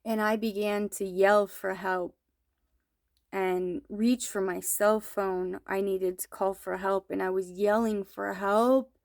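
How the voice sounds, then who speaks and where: Slow, earnest woman telling a dream. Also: medium pitch, fairly even intonation, vocal fry, no echo, studio quality. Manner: slow, earnest, hesitant storytelling. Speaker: mother recounting a dream. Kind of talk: personal testimony.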